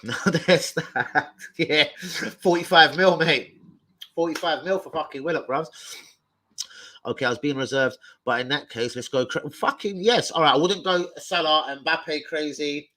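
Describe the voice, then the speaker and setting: A young man ranting live about football to his viewers, loud, sweary and jokey. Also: a little high, poor audio. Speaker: football fan livestreamer.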